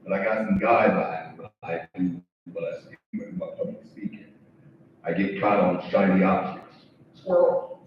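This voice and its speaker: A man's voice: deep voice, moderate pace. A man, a son, giving a heartfelt, conversational eulogy with joking asides. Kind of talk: emotional eulogy speech. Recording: echoey, distant, dull sound with faint background noise.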